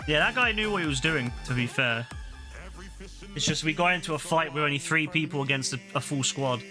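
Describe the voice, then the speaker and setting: A young man commentating on his own gameplay in casual chat, swearing a lot and getting exasperated, with excitable outbursts. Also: fairly high pitch, fairly quick, over music. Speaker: gaming streamer.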